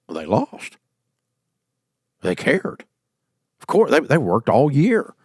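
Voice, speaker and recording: A man's voice: lowish voice, no echo. A middle-aged man hosting a call-in business advice show, blunt and folksy with jokes. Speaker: podcast host. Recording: dry studio sound.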